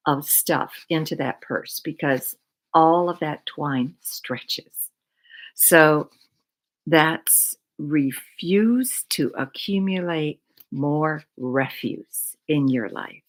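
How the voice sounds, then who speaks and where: A middle-aged woman giving a slow, reflective talk on mindful living, repeating words with long pauses. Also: deep voice, low-quality recording.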